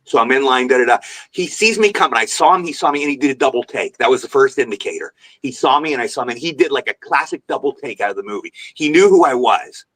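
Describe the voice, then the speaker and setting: Man, podcast guest, quick rambling delivery, mid-range pitch, animated storyteller. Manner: rambling, animated, repeats himself. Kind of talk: anecdotal storytelling.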